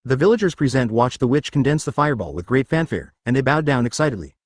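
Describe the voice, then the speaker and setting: A male narrator reads a fan story aloud in a synthetic audiobook voice. His pitch swings widely, and the sound is close and dry. Censored words come out as letters and asterisks. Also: sing-song, fast talker, no echo.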